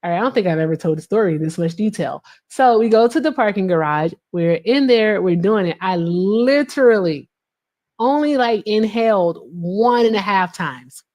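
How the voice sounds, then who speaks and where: Laughing, profane woman streamer. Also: medium pitch. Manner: profane, laughing, animated storyteller. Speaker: livestream host. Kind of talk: casual storytelling chat.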